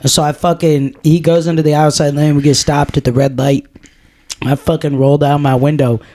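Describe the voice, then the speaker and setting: A man's voice: on the high side, flat delivery, normal speed, dark tone. Profane man telling stories. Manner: profane, storytelling. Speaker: podcast co-host. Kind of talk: casual chat.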